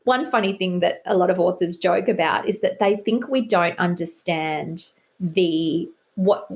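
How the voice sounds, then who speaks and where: Woman, guest author, middle-aged, self-deprecating humor, relaxed conversational chat. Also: lowish voice, unhurried. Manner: wry, self-deprecating and joking. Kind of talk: casual interview chat.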